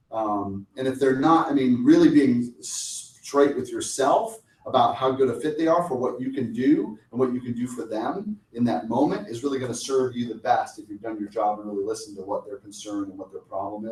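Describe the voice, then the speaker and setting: A man of middle pitch leads a lunchtime sales workshop in a relaxed, conversational way. He often acts out brief back-and-forth lines between seller and client. The sound is roomy, picked up from a distance. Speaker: sales coach. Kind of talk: lunch talk presentation. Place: meeting room. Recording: echoey room, mic at a distance.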